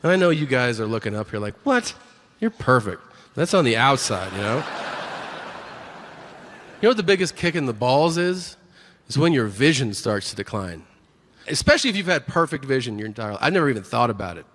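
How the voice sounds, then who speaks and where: A man's voice: medium pitch, fairly quick. A man in his forties performing a live stand-up set, telling profane stories and acting out the people in them. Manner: profane, animated storytelling with acted-out quotes. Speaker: stand-up comedian. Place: stage before a live audience. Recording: live stage recording with crowd noise.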